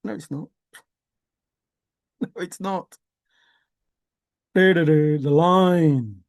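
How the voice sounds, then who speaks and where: A man's voice: on the high side, drawn-out words, dry recording, studio quality. A man talking through a rambling vlog monologue, musing aloud, swearing casually and laughing to himself. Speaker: vlogger.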